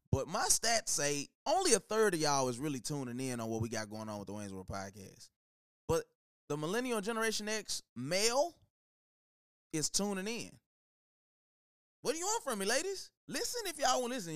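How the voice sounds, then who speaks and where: A young man from Texas, hosting a casual solo podcast in a loose, slangy, animated way. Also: fairly high pitch, no echo, studio quality. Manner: animated, slangy, loose, many "you know what I'm talking about" tags. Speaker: podcast host.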